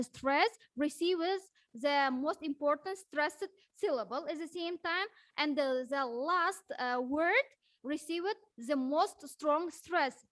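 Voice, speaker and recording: A woman's voice: high-pitched, dry recording, rough recording. A woman teacher with an Uzbek accent gives a prepared presentation in English, reading definitions with frequent hesitations.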